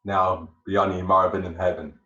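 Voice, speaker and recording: A man reading the part of a jealous, vengeful male general in an amateur Shakespeare reading, swinging between hushed brooding and raging outbursts. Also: low voice, little pitch movement, a little slow, reverberant, muffled recording. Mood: jealous rage.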